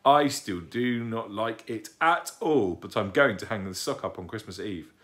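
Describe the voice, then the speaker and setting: A man's voice: on the low side, expressive, normal speed, a bit bright. A man reading aloud and voicing a timid, curious baby barn owl who asks wondering questions.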